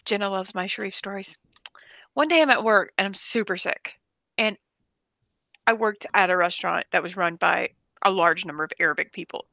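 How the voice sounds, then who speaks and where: A woman co-hosting a casual chat, telling funny stories in an animated, laughing way. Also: medium pitch, normal speed, gravelly, no room sound.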